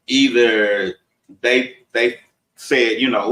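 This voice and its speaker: A man's voice: fairly low pitch, takes it slowly, fairly bright tone, roomy sound, recorded from a distance, low-quality recording. A man from Texas with a Southern accent, chatting casually and rambling as co-host of a live discussion. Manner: rambling, conversational, laughs often.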